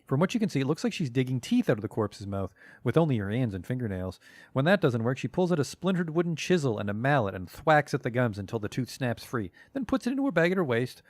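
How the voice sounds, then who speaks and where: A man's voice: mid-range voice, very animated, fast, no room sound. A man streaming a video game, reading the on-screen text aloud with casual, swearing commentary.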